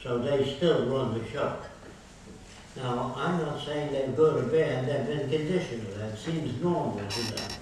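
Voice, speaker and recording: An older man lecturing a university audience in emphatic, declarative statements, often ticking through lists. His voice sits at an ordinary middle pitch for a man. It is picked up from far back in a very echoey hall with faint noise underneath. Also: a little slow, darkish tone. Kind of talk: public lecture.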